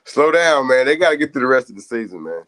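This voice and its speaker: A man trades playful jokes and takes on a sports radio talk show. His voice sits at an everyday middle pitch. The recording is dry and close to the microphone. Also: very animated, fast, fairly bright tone, dry recording. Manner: joking, playful banter.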